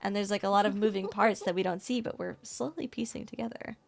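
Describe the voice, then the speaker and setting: A woman co-hosting a casual podcast, recapping an anime episode in a rambling, excitable way and laughing often. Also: medium pitch, fast talker, gravelly. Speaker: podcast co-host.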